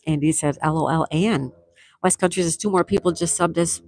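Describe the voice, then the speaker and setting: Chatty woman reading live chat, lower voice. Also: a little fast, darkish tone. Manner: chatty and affectionate, laughs often while reading comments aloud. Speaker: livestream host reading chat.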